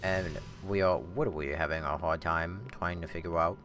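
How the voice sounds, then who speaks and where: A man streaming a video game, joking with chat and talking to himself, with sudden loud outbursts. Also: sits low, fairly even intonation, moderate pace, faint music behind. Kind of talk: live gameplay commentary.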